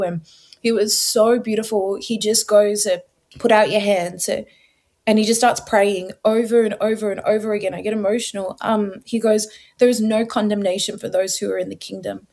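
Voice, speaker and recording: Her testimony of faith comes out at a moderate pace and medium pitch as this young woman, an interview guest, tells it with lively storytelling, acting out what she said back then.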